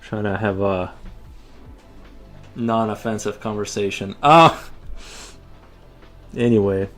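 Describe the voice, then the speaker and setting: Man, casual livestream chat, halting and rambling, faint music behind. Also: on the low side, steady tone, fairly bright tone. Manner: rambling, halting, many restarts and fillers. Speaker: streamer. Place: home studio while drawing.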